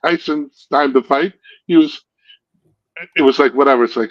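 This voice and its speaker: A man's voice: mid-range voice, normal speed, long pauses, no room sound. A man chatting casually on a stream, telling long rambling stories, correcting himself and laughing at his own jokes. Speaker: stream host. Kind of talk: casual storytelling chat. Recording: dull lo-fi sound.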